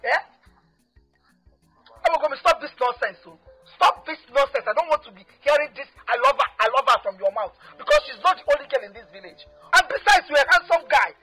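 A woman's voice: sits high, lively intonation, a little fast, pushed and bright, faint music behind, poor audio. An actress with a Nigerian accent playing a village mother who scolds her son insistently. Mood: scolding. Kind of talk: film acting.

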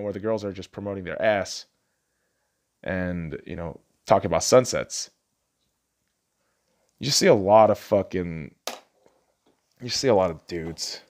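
A young man hosting a solo podcast, ranting profanely and arguing back at himself. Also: mid-range voice. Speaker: podcast host.

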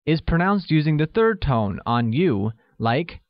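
Slow, careful male language-lesson narrator. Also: on the high side, sing-song, dry recording, muffled recording. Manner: slow, careful delivery with drawn-out example words. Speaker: language teacher.

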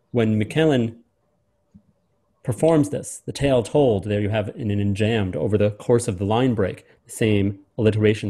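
Male host-lecturer, low mellow voice, measured close reading that lingers on key words.

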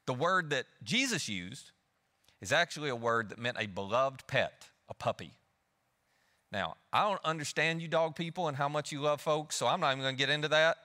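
Animated male pastor in a reverberant hall. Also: on the high side. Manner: conversational, with questions to the audience. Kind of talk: sermon. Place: church auditorium. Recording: long reverb of a church hall.

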